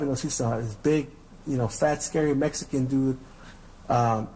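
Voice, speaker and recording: A middle-aged man hosts a podcast, rambling through stories in a casual, profane rant and repeating his words. His voice is mid-range and dark in tone, delivered at normal speed on a rough recording.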